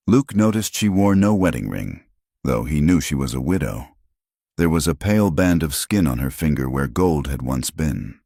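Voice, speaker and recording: Male narrator, very low voice, measured scripted storytelling, dry. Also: darkish tone, no echo.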